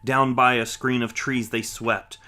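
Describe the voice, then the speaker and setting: A man reading a rhyming children's book aloud with a rhythmic, expressive delivery. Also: medium pitch, unhurried. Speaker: storyteller.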